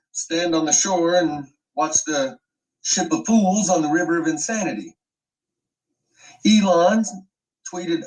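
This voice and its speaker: A man's voice: fairly high pitch, distant mic, rough recording. A man hosting an online commentary video, ranting with emphatic, profane sweeping claims.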